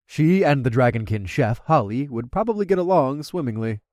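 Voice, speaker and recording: A man narrating a first-person audiobook in a steady, wry way. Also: medium pitch, normal speed, dry recording, studio quality.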